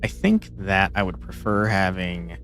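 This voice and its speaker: A man commenting on a game he is playing, talking in a joking, sarcastic, animated way. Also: deep voice, unhurried, a little hiss or hum. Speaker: gaming channel host. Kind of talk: let's play commentary.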